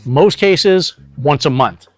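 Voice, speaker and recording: A man hosting a pest control channel, giving an energetic, salesy product demonstration straight to the viewer. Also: on the high side, slow, dry recording, soft background music. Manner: energetic, salesy, direct to camera.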